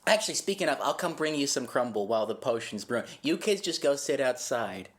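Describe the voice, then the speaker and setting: A man's voice: medium pitch, very animated, fairly quick, a bit bright. A man doing a gossipy Massachusetts witch lady. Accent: Massachusetts, put on. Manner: gossipy, doting, calls everyone honey. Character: chatty middle-aged suburban witch woman. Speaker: podcast co-host doing improv. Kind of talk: comedy improv role-play.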